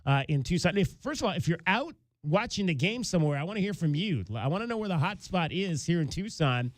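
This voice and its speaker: A man's voice: high voice, lively intonation, fast, no echo. A man hosting a sports talk radio show, chatting casually with many fillers and restarts. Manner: conversational, with frequent fillers and restarts.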